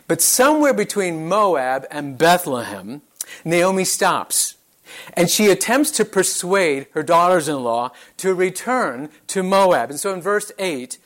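A male pastor preaching a sermon in an earnest, measured way, often posing questions to the congregation. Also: on the high side.

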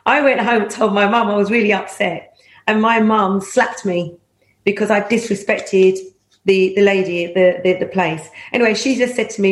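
A woman's voice: medium pitch, moderate pace. Middle-aged woman telling anecdotes. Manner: lively, laughs often, acts out quoted voices. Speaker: former police officer, interview guest. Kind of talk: anecdotal storytelling. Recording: roomy echo.

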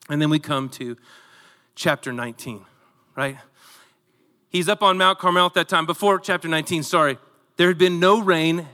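A man preaching a sermon, telling the story with animated delivery and acting out voices. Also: a little high, long reverb tail. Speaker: pastor.

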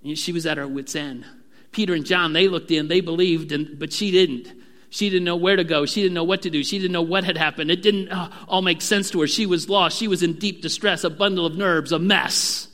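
A man preaching in a church with a high, bright, clear voice. He speaks earnestly and sometimes sinks into a hushed tone. His voice rings with a long hall reverb. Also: steady tone, a little fast. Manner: earnest preaching, drops to a hushed voice at key moments. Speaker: pastor. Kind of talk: sermon.

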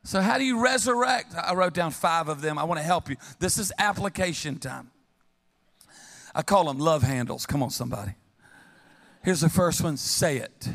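A middle-aged man preaching a sermon as pastor, telling funny stories with lively call-and-response to the congregation. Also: fairly high pitch, moderate pace, creaky. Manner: humorous, animated storytelling with call-and-response. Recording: long reverb of a large hall.

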